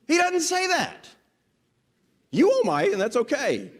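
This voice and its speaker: Male preacher, high and very lively voice, dramatic delivery acting out quotes. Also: moderate pace. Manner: expressive, rises and drops pitch for emphasis. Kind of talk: sermon.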